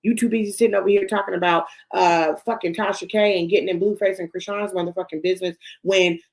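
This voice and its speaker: A woman's voice: medium pitch, fairly even intonation, fast talker, vocal fry. Blunt, profane woman ranting about gossip. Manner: talks straight to the people she discusses. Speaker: host. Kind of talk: celebrity gossip commentary.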